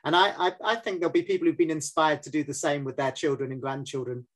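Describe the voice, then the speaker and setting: A man hosting a Christian conversation, measured, quoting scripture as he talks. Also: fairly high pitch. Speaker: host. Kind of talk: faith-based interview.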